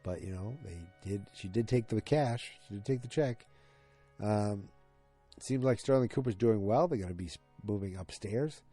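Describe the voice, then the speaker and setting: A man's voice: on the low side, moderate pace, dark tone, faint music behind. A man hosting a podcast, retelling a TV episode in a loose, rambling way with lots of fillers and restarts. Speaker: podcast host. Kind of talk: casual episode recap.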